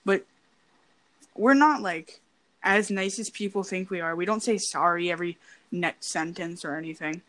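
A woman's voice: lowish voice, moderate pace, a bit bright. A young woman with a Canadian accent, chatting casually, hesitant and full of "like" fillers. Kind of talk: casual chat.

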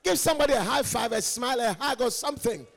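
High-voiced Ghanaian man preaching playfully. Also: lively intonation, fast talker, gravelly, big-room sound. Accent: Ghanaian English. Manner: playful, teasing, swings from quiet asides to shouts. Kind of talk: lively conference sermon. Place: large conference hall.

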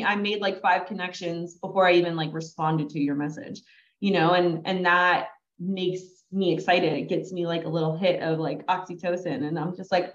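A woman hosts a podcast in easy, chatty conversation. Her voice sits a little low but jumps high whenever she quotes herself. The sound is echoey and dull, with a muffled lo-fi quality. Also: steady tone, moderate pace. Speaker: podcast host. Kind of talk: casual conversation.

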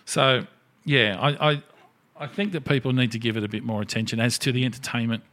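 A man chatting casually on a podcast, voice sitting in a middle register. He spins gaming anecdotes with plenty of swearing. He throws in quick impressions of the people he's talking about. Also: medium pitch. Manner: animated storyteller who acts out other people's lines, swears freely. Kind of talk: casual chat.

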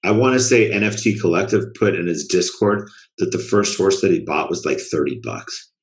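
Deep-voiced laid-back man chatting. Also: expressive, normal speed. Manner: laid-back, trails off, swears casually. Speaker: podcast co-host. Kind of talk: casual chat.

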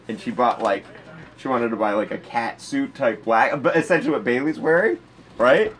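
A man's voice: mid-range voice, normal speed. A man telling crude stories in casual comedic chat as a podcast co-host, laughing as he talks. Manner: crude, animated, laughs through his stories.

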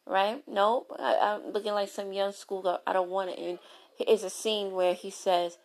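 A woman giving a candid motivational talk on relationships, telling stories with lively, playful asides. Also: mid-range voice, measured pace. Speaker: relationship speaker.

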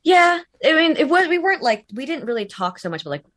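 A woman's voice: high-pitched, very animated, fast, fairly bright tone. A woman voice actor talking casually in an interview, rambling with many fillers and restarts, laughing easily. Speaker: voice actor guest.

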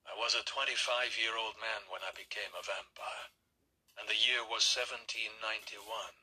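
A man voicing a centuries-old male vampire in an audiobook, speaking softly and slowly, often in a whisper. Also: lowish voice, steady tone, slight background noise, rough recording. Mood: brooding. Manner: soft, slow, often whispered. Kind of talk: audiobook character reading.

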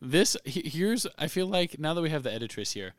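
A man co-hosting a casual podcast, animated and quick to joke and laugh. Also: a little high, dry recording. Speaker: podcast co-host.

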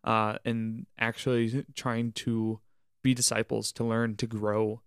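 A man's voice: lowish voice, little pitch movement, slow pace, smooth, no room sound, studio quality. A young man co-hosting a podcast, talking earnestly about camp staff, leading by example and faith in everyday life. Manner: earnest, preachy, uses church wording. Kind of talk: casual reflective podcast chat.

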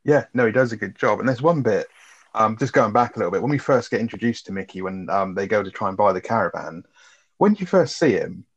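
Swearing freely and keeping it laid-back, a male co-host of a movie review podcast chats casually through a plot recap. His lowish voice has lively intonation and a breathy edge, and his pace is quick. The sound is dull lo-fi.

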